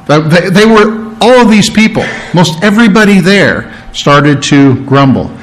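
A man delivers a sermon in a relaxed, conversational way, his voice sitting a touch high. He repeats words for emphasis and keeps pausing to clear his throat. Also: a little hiss or hum. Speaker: preacher.

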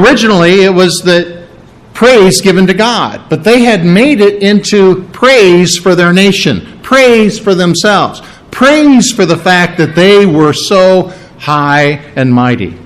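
A middle-aged man delivers a sermon with an animated, questioning style. His voice sits a little high for a man. He acts out the voices he quotes. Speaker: pastor.

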